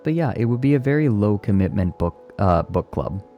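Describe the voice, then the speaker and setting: A man streaming and chatting casually with his viewers, speaking gently and with enthusiasm. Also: lowish voice, lively intonation, normal speed, highs cut off, soft background music. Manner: gentle, soft-spoken. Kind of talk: casual live-stream chat, answering chat.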